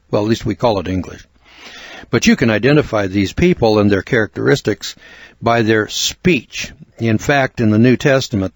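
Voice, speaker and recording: Older american guy, lowish voice, earnest lecture-style book review, dry close mic. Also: dry recording. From United States. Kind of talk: spoken book review narration.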